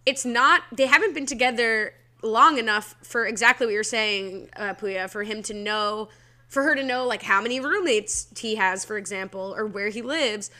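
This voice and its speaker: Woman co-host, bright forceful tone, slightly high, quick and laughing, steers the chat. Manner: quick, laughing, leads the discussion. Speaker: podcast co-host. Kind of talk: casual chat recapping a TV episode.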